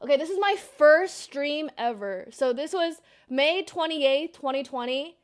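A young woman chats casually on her stream, excitable and quick to giggle. Her voice sits high, and she swears freely and breaks into squeals. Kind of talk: casual livestream chat, reacting to an old clip.

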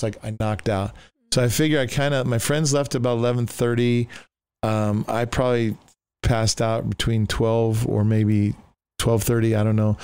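An older man, a pastor, telling his testimony in an animated way, acting out the voices he quotes, with rambling restarts. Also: mid-range voice, clear, resonant tone, no echo. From Oregon, US. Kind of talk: animated storytelling.

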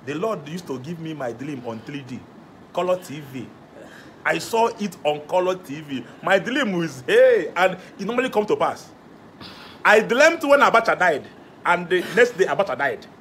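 Comic lead: young Igbo-accented man, high-pitched and boastful, faint hiss behind. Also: normal speed. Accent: Nigerian Igbo. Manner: boastful, rambling, animated. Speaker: comedian. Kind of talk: comedy skit.

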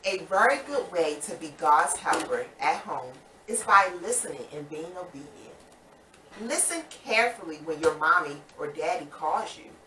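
A woman's voice: low voice, lively intonation, normal speed, sharp tone, slight background noise. A woman leading young children through a Bible story, coaxing and playful as she acts it out. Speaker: children's Sabbath School teacher. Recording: echoey room from far off.

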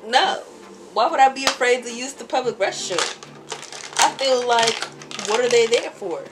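Heavy background noise surrounds a young woman with a fairly high voice as she vlogs from home. Doing her makeup, the beauty vlogger tells rambling tales and laughs often.

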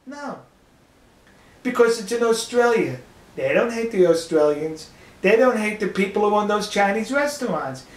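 Man, high voice, mocking, emphatic rant, slow stressed words, roomy echo. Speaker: video commentator. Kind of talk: ranting opinion monologue.

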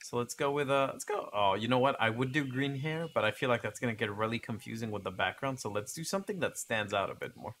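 Man, gameplay commentary, chatty asides, bright crisp voice. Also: medium pitch, animated, fast, few pauses, slight background noise. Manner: chatty, reads game text aloud with asides. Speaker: gaming video creator.

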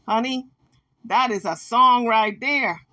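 A woman giving casual, sassy commentary, telling a story in an animated way and acting out the quotes. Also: on the high side, slow pace.

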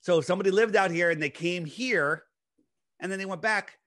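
A man's voice: sits high, fairly quick, fairly bright tone. A man talking casually as a podcast guest, explaining his ideas at length in a lecturing way, with many restarts.

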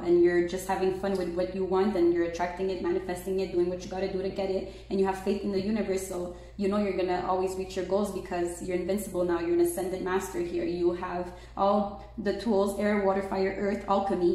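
A woman giving a casual tarot reading, chatty and excitable, peppering her talk with "like" and "right?". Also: fairly low pitch, a little fast, few pauses. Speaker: tarot reader. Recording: very echoey room.

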